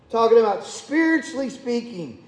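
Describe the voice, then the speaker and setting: A pastor preaching a sermon in a chatty, conversational way, tossing rhetorical questions at the congregation. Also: male voice, extremely high pitch, very animated, normal speed. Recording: echoey hall with long reverb.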